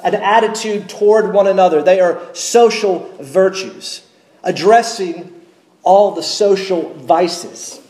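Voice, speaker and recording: A man preaching a sermon from the pulpit, measured and emphatic, slowing down to stress key words. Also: high voice, a little mellow, roomy sound, poor audio. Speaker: pastor. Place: church sanctuary.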